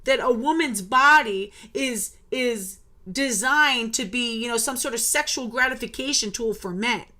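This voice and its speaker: A woman in her thirties delivers a heated, blunt monologue, repeating words and swearing as she gets worked up. Her voice sits a little high and comes across bright and sharp. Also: unhurried. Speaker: birth worker and podcast host. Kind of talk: impassioned monologue.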